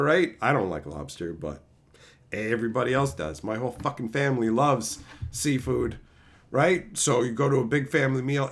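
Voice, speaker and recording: A man's voice: medium pitch, a bit bright. A man streaming a casual chat, talkative and swearing often. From Newfoundland, Canada. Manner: chatty, swears a lot.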